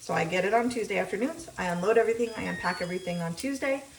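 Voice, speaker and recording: Racing along in a mid-range voice, a young woman vlogs while cooking in her home kitchen, rambling through her routine with lots of ums. The mic is distant and there's slight background noise; frying sizzles behind her, and the echoey kitchen often leaves her voice off-mic.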